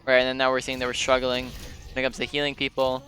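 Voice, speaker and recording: A man's voice: mid-range voice, monotone, fast talker, pushed and bright. A man coaching a player through a gameplay review, explaining at length with frequent ums and restarted sentences. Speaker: game coach.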